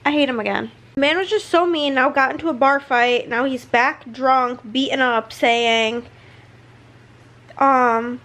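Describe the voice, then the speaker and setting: A woman book vlogger chatting casually and reacting with excitement to a novel as she reads it. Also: high voice, a little slow. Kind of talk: casual reading vlog commentary.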